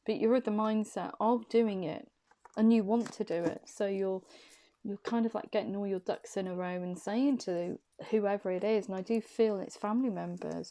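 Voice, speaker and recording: A woman's voice: medium pitch, steady tone, moderate pace, dark tone. A woman giving an intuitive tarot reading to the viewer, thinking aloud as she interprets each card in a loose, wandering way.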